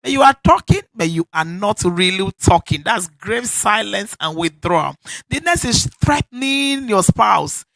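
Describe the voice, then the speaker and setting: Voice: mid-range voice, expressive, unhurried, creaky, fairly bright tone, no echo. A preacher with a Nigerian accent giving an emphatic church sermon, repeating key phrases and laughing often. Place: church service.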